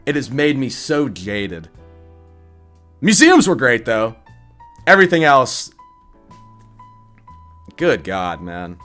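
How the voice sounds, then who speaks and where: A man's voice: medium pitch, very animated, takes it slowly, long pauses, a bit bright, faint music behind. A young man with a stuffed-up, scratchy voice, a gaming YouTuber talking bluntly and profanely in a casual rant before a game build guide. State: congested, scratchy voice.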